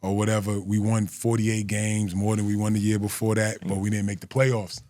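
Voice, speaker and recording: A man's voice: on the low side, level tone, brisk, dark tone, dry recording, clean studio sound. A man in his forties, a guest telling stories in a loose, profane way and laughing through them. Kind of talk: casual storytelling.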